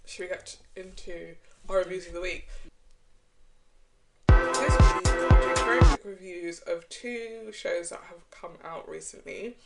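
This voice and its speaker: A young adult woman co-hosting a casual pop-culture podcast, talking in an animated, gossipy way with quick asides. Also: lowish voice, creaky, over loud music, rough recording. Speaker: podcast co-host.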